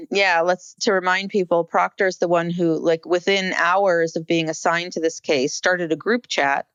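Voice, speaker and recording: A woman's voice: on the low side, fairly even intonation, a little slow, a bit bright, clear, resonant tone, no room sound, lo-fi sound. A woman co-hosting a podcast, talking casually about a court case, with many fillers and restarts. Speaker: podcast co-host.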